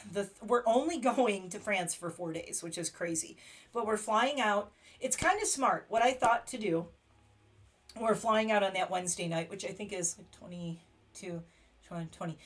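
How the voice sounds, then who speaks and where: Chatty, excitable woman on a livestream. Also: mid-range voice, normal speed. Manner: chatty, excitable, laughs often. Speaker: livestream host. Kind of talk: casual livestream chat. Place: her home.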